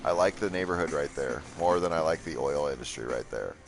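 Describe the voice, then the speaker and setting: A man's voice: very deep voice, fairly quick. A man streaming gameplay live and joking sarcastically with his chat while he builds.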